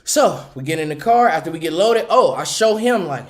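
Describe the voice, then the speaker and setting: Guy with a high voice telling a trucking story on a livestream, acts out everybody, laughs a lot. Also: normal speed, hardly any pauses. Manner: animated, acts out the people in his stories. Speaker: owner of a small trucking company.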